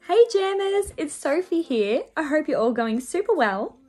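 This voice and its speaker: A woman's voice: high-pitched, sing-song, moderate pace, a little mellow, soft background music. A young woman presenting to children on a church show, telling a personal story in a bubbly, sing-song way and acting out the voices.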